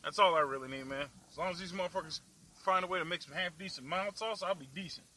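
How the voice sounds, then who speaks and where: A man's voice: high-pitched, quick pace, bright, forceful tone, rough recording. Foul-mouthed man ranting in his car. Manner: angry, foul-mouthed, laughing at himself. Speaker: vlog host. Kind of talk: profane ranting while driving. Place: in a car in the city.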